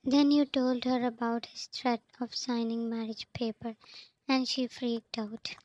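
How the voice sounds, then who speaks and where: A woman reading a fanfiction story aloud, announcing each speaker's name before their lines. She goes at an unhurried, slow pace in a fairly high voice. Her delivery stays level, with little rise and fall. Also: steady tone, a little mellow, low-quality recording. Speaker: fanfiction reader.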